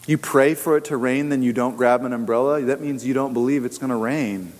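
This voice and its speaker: Animated preacher in a reverberant hall. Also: male voice, mid-range voice, brisk. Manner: animated, acts out voices of people in his stories. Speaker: pastor. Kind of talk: sermon.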